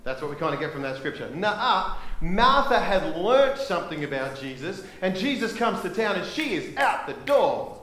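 Guy preaching in a church, big echo, slightly high voice, goes loud then quiet, asks the same question twice. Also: sing-song, normal speed, few pauses. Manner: impassioned, swings from emphatic to hushed; repeats rhetorical questions. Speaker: pastor. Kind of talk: sermon.

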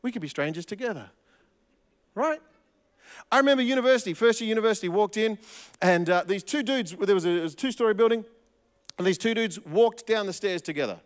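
A man preaching a sermon as pastor, animated, with frequent restarts and emphatic repetition. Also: sits high, clean tone, big-room sound.

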